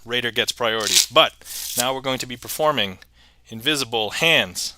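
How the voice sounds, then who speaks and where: A man's voice: medium pitch, moderate pace, very noisy. A man hosting a casual livestream magic show, chatting, reading viewer messages aloud and chuckling often.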